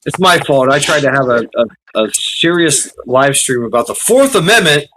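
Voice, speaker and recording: A man's voice: on the high side, animated, moderate pace, music in the background, low-quality recording. A man hosting a casual live stream chat, joking and laughing, often repeating words as he starts a sentence. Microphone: remote call via streaming platform.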